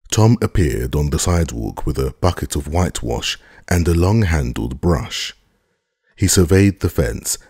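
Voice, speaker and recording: A very deep, husky male voice narrates an audiobook in measured, expressive storytelling style. The scripted narration is studio quality with no echo.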